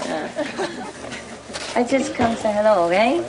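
A woman's voice: mid-range voice, expressive, unhurried. A woman coaxing a pet bird in a sing-song voice, then chatting casually with a visitor. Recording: loud crowd and background noise.

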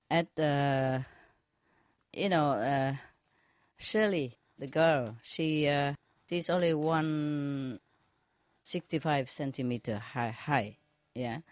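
A woman, a spiritual teacher, telling jokes to a group in a slow, chuckling way, often checking whether her listeners follow. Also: low voice, darkish tone, dry recording.

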